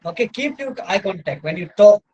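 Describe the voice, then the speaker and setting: A man with an Indian English accent, a university lecturer, gives an online lecture indoors into his laptop microphone, rambling and repeating "you know" and "right?" to check in. His voice sits high with lively intonation and a dark tone, and he talks briskly, though the audio is dull.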